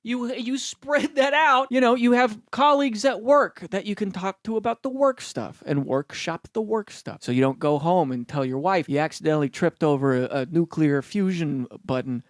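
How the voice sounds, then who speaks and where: A man's voice: sits high, moderate pace, few pauses, no room sound, clean studio sound. A young man hosting a comedy commentary, rambling, swearing casually and correcting himself mid-sentence. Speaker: host reacting to online posts.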